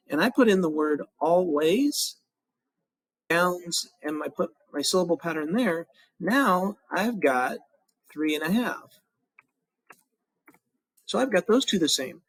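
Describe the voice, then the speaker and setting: Male teacher, higher voice, dry close sound, casual step-by-step tutorial delivery. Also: lively intonation, a little slow, long pauses, fairly bright tone, breathy edge, no room sound, poor audio. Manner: methodical, counts syllables aloud step by step; casual, fills with um and restarts. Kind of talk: recorded classroom tutorial.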